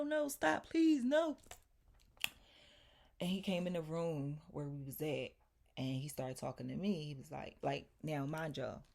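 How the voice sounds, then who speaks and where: A young woman tells her viewers a personal story in a loose, casual way. Her voice sits low, and she talks with emphatic, animated energy, turning to address her audience directly. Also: vocal fry. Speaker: vlogger.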